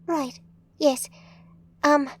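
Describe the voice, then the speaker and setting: A woman's voice: sits high, fairly even intonation, drawn-out words, slight background noise, voice pushed up. Woman voicing a decisive young heroine. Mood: flustered. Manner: decisive, a little flustered. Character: quick-thinking young woman mage leading a group.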